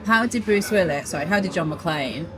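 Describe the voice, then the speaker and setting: A woman's voice: lowish voice, lively intonation, normal speed, background noise. A woman co-hosting a casual film podcast, chatty and opinionated, swearing casually and laughing often. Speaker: podcast co-host.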